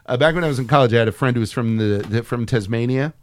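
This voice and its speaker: A man's voice: medium pitch, quick pace. A man co-hosting a casual comedic movie-review podcast, swearing freely and acting out what people said in his stories. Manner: profane, animated storyteller who acts out quotes. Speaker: podcast co-host.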